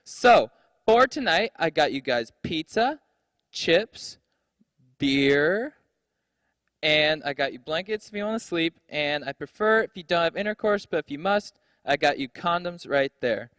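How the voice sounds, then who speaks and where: A chirpy suburban mom who sweetly offers everything to the kids, as a comedian puts her on. The voice is pushed high and bright above his own. It is a stand-up bit with a dry, close sound. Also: animated, a little slow, dry recording. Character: cheery suburban mom hosting teen party.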